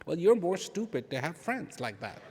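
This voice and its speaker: A man giving an inspirational talk to an audience, animated, asking rhetorical questions and repeating phrases for emphasis. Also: a little high, normal speed, noisy background. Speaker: speaker addressing an audience. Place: large event hall. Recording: long hall reverb.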